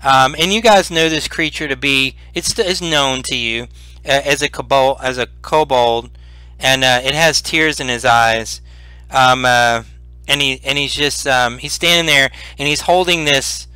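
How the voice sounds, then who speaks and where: A man running a tabletop game as game master, describing the scene slowly and deliberately. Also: mid-range voice, sharp tone, clear, resonant tone, no room sound.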